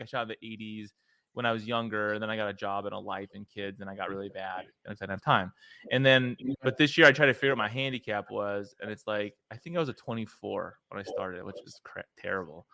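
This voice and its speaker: A man's voice: lowish voice, fast talker, gravelly, bright, forceful tone, dry recording. A man hosting a podcast, talking loosely and casually with lots of filler words. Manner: loose and chatty, many "like" fillers. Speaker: podcast host. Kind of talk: casual interview chat.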